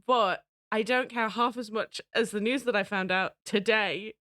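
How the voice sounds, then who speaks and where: A woman streamer chatting casually to her viewers, excitable and giggly. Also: medium pitch, moderate pace, no room sound, studio quality. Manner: excitable, giggly, talks to chat. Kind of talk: casual live-stream chat.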